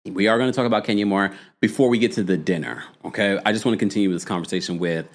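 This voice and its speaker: A man's voice: lowish voice, fast. A man with a New York accent hosting a live reality-show recap, reading viewer comments and laughing often as he acts out quotes. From United States.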